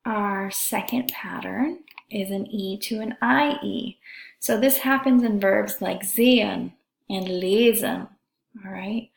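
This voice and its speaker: A woman's voice: mid-range voice, gravelly. A woman teaching a German grammar lesson, carefully drawing out each example word. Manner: slow, careful, drawn-out pronunciation of examples. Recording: echoey room.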